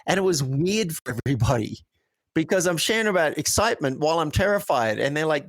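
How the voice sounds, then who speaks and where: An earnest man speaking as a coaching guest, walking through stories and acting out how he would phrase things. His voice sits in a middling pitch. The sound is close and dry. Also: animated, normal speed, fairly bright tone, dry recording. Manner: earnest, storytelling, acts out example phrasings. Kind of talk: conversational interview.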